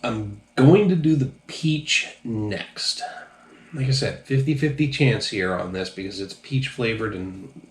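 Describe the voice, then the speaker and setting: A man's voice: fairly low pitch, animated, measured pace, echoey room. A man casually reviewing drinks on his channel, a little tipsy, talking loosely and profanely with lots of ums. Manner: loose, profane, rambling with many fillers.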